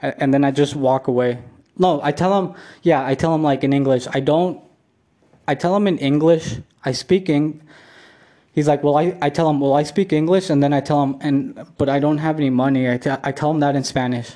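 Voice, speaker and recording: A man's voice: a little high, a little fast, mellow. A man telling a rambling vlog story at home, profane and repetitive, full of filler words. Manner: rambling, profane, repeats himself with many "like" fillers. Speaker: vlogger. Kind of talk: casual solo vlog storytelling.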